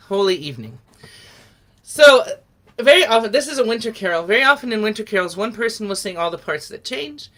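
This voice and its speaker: A woman's voice: mid-range voice, bright, forceful tone. A middle-aged woman leading an online singing lesson over a video call, explaining patiently and encouraging everyone to join in. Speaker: song leader.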